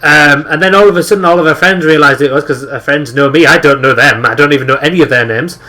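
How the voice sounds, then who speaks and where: A young man with a Teesside accent chats casually on a podcast, spinning sweary stories. His voice is bright and a touch high, and he swears freely. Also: quick pace. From northeast England. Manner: swears often, tells anecdotes with acted-out quotes. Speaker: podcast co-host. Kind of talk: casual chat.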